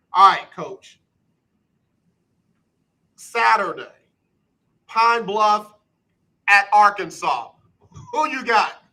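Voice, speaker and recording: A man hosting a casual sports talk radio show, quizzing his guest in a brisk, repetitive rhythm. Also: high-pitched, pushed and bright, low-quality recording.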